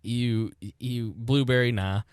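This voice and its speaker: Man, podcast co-host, earnest, stammering restarts, middle pitch, dry recording. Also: fairly even intonation, slow pace, clear, resonant tone, no echo. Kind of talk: casual political podcast chat.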